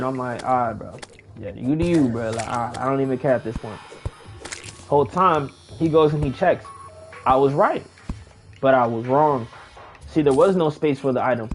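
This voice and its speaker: A young man casually telling a long personal story while playing a game, slangy and animated, acting out the people he quotes. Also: mid-range voice, normal speed, a little hiss or hum. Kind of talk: casual storytime over gameplay.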